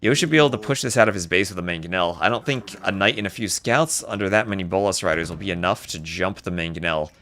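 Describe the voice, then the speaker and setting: A man casting a live strategy game, mixing chatty storytelling asides with excited play-by-play calls. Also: low-pitched, fast, few pauses. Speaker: esports caster. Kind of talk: live game commentary with casual chat.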